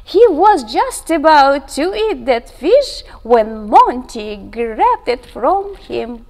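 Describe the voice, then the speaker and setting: Animated woman reading children's storytime. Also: high-pitched, slow pace. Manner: animated, gasping, hushed asides. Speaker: children's librarian.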